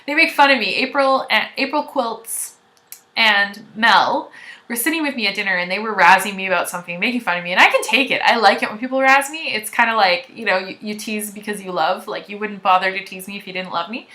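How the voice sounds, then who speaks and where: A woman hosting a knitting podcast, chatting loudly to viewers in a gushing, rambling way. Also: medium pitch, brisk. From Canada. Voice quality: loud. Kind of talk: casual chat to viewers.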